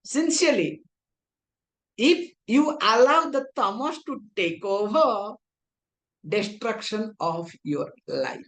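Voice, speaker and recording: A woman's voice: mid-range voice, animated, slow. A woman with an Indian English accent teaching a spiritual philosophy class in a conversational tone, often asking her listeners whether they understand. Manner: conversational, rhetorical checks for understanding. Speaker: Vedanta teacher.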